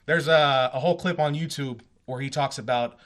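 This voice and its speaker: A man being interviewed in a casual chat, telling stories in a profane, animated way. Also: mid-range voice, normal speed. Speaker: interview guest, radio host and comedian.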